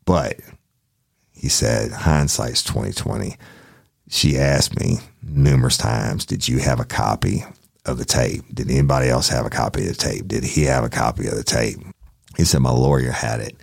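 A man's voice: extremely low pitch, moderate pace, creaky, no echo, clean studio sound. A man, a private investigator, telling a casual anecdote in a blunt, profane way and acting out the dialogue with emphasis.

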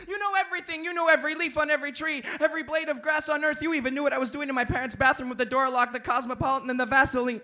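Man, slam poet, live venue, very high voice, animated, comic, shouts and hushed lines. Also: brisk. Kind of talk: live slam poetry performance.

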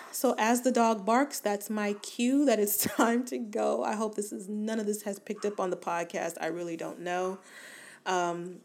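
A woman's voice: medium pitch, flat delivery, measured pace. A woman in her forties hosting a self-help podcast, talking earnestly and encouragingly, with many fillers and restarts. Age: 40s. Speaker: podcast host.

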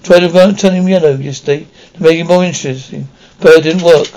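A man's voice: a little high, quick pace, darkish tone, lightly acted, low-quality recording. Ron, a man reading as a grumbling boy wizard.

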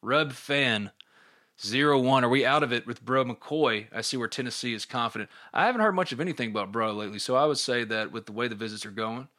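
A man's voice: mid-range voice, quick pace, pushed and bright. A middle-aged man hosting a podcast, chatting casually and reading listener questions aloud.

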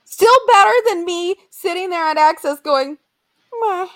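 A young woman co-hosting a casual chat, telling animated stories and acting out quotes in exaggerated voices. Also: very high-pitched, moderate pace. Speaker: podcast co-host.

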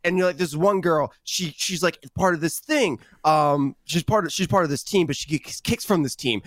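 A young man chatting casually on a podcast, rambling and excitable as he pitches a show. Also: moderate pace, dry recording. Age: young adult. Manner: rambling, excitable storytelling with laughs. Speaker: podcast co-host. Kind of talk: casual chat.

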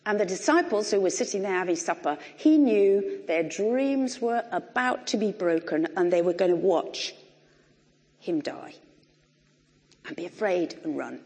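A middle-aged woman preaching a sermon in a conversational, animated way with wry humour, recorded in a church. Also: medium pitch, unhurried. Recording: long reverb of a large hall.

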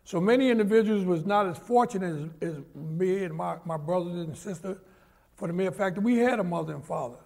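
A man's voice: sits high, brisk, creaky. A man, telling stories in an interview and acting out the people he quotes. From New York. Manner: animated storyteller who acts out the people he quotes. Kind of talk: storytelling interview.

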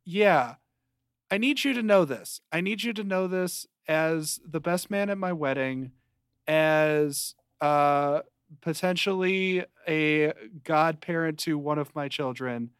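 A young man co-hosting a podcast, chatting casually and ranting at his friend in mock anger, with a dry deadpan delivery. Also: on the high side, takes it slowly, clean tone, dry recording. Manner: mock-angry deadpan rants. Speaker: podcast co-host. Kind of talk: casual chat.

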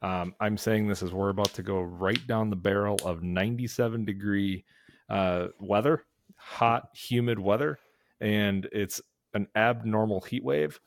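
A man's voice: fairly low pitch, steady tone, a little slow, no room sound. A man hosting a lawn care podcast, giving advice conversationally with restarts and repeats. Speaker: podcast host. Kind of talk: casual how-to chat.

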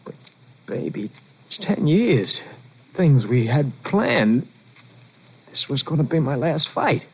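A man playing a desperate, hot-tempered boxer in 1940s radio acting, swinging from shouting to pleading. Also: lowish voice, very animated, moderate pace. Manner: volatile, shouting then pleading. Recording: dull lo-fi old radio recording.

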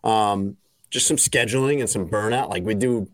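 A man's voice: fairly low pitch, moderate pace, no echo, studio quality. A man hosting a podcast in casual banter, rambling and joking with lots of "like" fillers. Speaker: podcast host.

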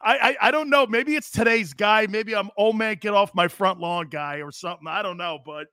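A middle-aged man hosting a sports talk show in casual chat, excitable, breaking into loud laughs and repeating himself. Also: high voice, normal speed, smooth, no room sound, clean studio sound.

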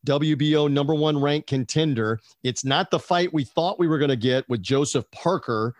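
Chatty man, slightly high, dry sound. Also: normal speed, no echo. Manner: chatty, digressive, asks co-host questions. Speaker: podcast co-host. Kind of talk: casual boxing chat.

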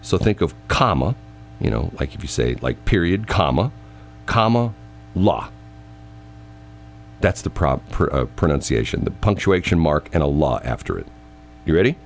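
A man with a very low voice chatting on a talk show, swinging his pitch widely as he jokes and argues. He laughs often and jumps high when something strikes him as absurd. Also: big pitch swings, moderate pace, long pauses, a little hiss or hum. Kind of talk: casual banter.

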